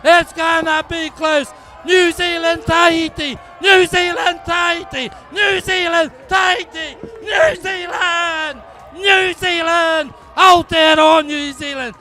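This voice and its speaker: Man, race commentator, very high voice, flat pitch, excitable, live outdoor call. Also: takes it slowly, some chatter behind. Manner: excitable, repeats calls, shouts at the finish. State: out of breath at the finish. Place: outdoors at a racecourse by the water.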